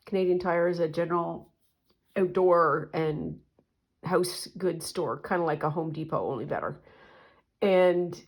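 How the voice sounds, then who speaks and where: A woman with a fairly low, breathy voice narrates her craft session in a relaxed, unhurried way. She murmurs and trails off into soft asides as she works. When she tells a story, she livens up and gets chattier. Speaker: collage artist and channel host. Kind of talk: relaxed craft vlog, thinking aloud while working.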